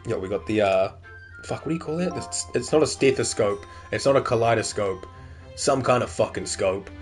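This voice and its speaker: With soft background music underneath, a gaming streamer chats casually while playing, occasionally swearing. His voice is on the low side and his pace moderate.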